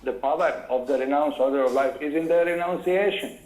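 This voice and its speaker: A man giving a scripture lecture, carefully explaining verses word by word and pausing to look up references. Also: on the high side, darkish tone, roomy sound, low-quality recording.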